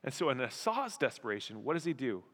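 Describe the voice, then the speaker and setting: A man preaching a sermon as pastor, animated, acting out voices and exclamations. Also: medium pitch, fast talker. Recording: long hall reverb.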